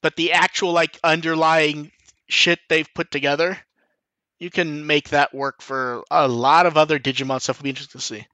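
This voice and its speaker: A man hosts a podcast in relaxed, rambling chat, peppering his sentences with fillers and restarts. His voice sits a little high and sounds bright and tense. The recording is dry and close, with no room sound. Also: moderate pace, no echo. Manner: rambling, frequent 'like' and restarts, swears casually. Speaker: podcast host. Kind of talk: casual chat.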